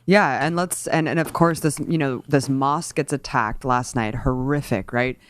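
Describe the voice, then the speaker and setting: A woman hosting a casual political discussion, talking in an animated, rambling way with many fillers. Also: rumbling low, moderate pace, no echo.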